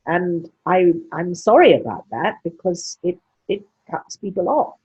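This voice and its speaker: An older Englishwoman with a posh accent and crisp, exact diction speaks frankly in a conversational interview. Her voice is fairly low, husky and darkish, a bit slow, with a sing-song lilt. The recording sounds muffled and lo-fi.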